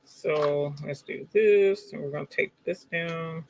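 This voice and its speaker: Chatting casually during a live crafting demo, a woman gushes over her viewers and addresses them as y'all. Her deep, darkish voice takes its time, with slight background noise behind it.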